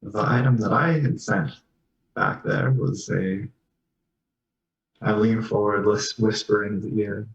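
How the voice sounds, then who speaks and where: A man playing a tabletop game, speaking in character with measured, scholarly phrasing. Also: on the low side, fairly even intonation, vocal fry, recorded from a distance, dull audio. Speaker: player. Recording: echoey room away from the mic.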